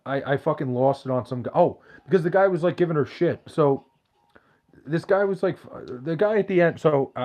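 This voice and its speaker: A man's voice: medium pitch, lo-fi sound. Profane rambling New guy. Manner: rambling, profane, restarts a lot. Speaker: podcast host reading live chat. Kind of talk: casual chat.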